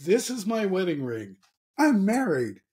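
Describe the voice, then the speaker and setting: A man's voice: high voice, big pitch swings, unhurried, dark tone. A man being interviewed as a guest author, talking candidly and earnestly with frequent restarts. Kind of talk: casual interview chat.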